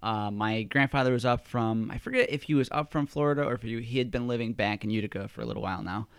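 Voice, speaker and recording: A man hosting a podcast drifts through a long story in easy, filler-heavy chat. His voice is smooth and clear, recorded dry and close to the mic. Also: medium pitch, quick pace, no echo. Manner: rambling storyteller, lots of fillers. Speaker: podcast host. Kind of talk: casual chat.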